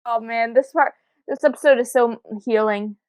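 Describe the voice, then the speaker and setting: A woman's voice: on the high side, fairly even intonation, darkish tone, smooth, no room sound. A woman co-hosting a casual podcast, chiming in eagerly with agreement and laughter. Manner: enthusiastic, quick to agree and laugh. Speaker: podcast co-host. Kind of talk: casual anime chat.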